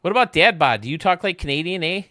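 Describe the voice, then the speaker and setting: A man's voice: on the high side, lively intonation, quick pace, sharp tone, no room sound, studio quality. A man streaming a baseball game, rambling and joking casually with his chat. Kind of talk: casual chat while playing.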